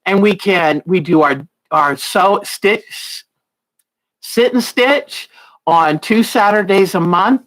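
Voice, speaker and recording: A woman's voice: mid-range voice, takes it slowly, a bit bright, low-quality recording. A woman hosting a casual quilting livestream, chatting and greeting viewers by name. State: out of breath.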